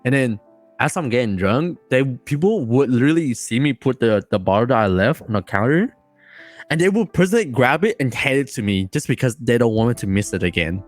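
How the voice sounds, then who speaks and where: A man as a podcast guest telling a story casually, rambling and excited, with many fillers and restarts. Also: medium pitch, a little fast, faint music behind.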